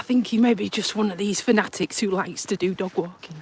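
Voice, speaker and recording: A brisk, mid-range female voice with few pauses comes through a noisy background as a Lincolnshire vlogger chats on a phone live stream during a walk in the countryside. She carries a Lincolnshire accent and a stuffy nose. She's talkative and self-mocking, often laughing and using dialect words.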